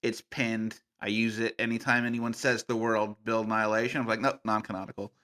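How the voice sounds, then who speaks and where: A man guesting on a podcast, telling tabletop game stories in a playful, animated way with plenty of fillers. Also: lowish voice, fairly quick. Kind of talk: casual podcast conversation.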